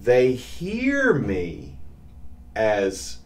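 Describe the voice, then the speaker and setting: A Southern man in his forties, a pastor co-hosting a podcast, telling family stories in a lively, drawling way. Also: mid-range voice, extremely slow. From Southern US, Nashville. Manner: animated storyteller with a Southern drawl. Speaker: pastor, co-host. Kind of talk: casual chat, storytelling.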